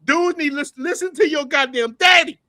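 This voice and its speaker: A middle-aged man with a notably high voice, talking in a casual livestream. He tells his stories with animated energy, laughs a lot and swears freely. The sound is close and dry, with no room in it. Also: moderate pace, no echo. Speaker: channel host.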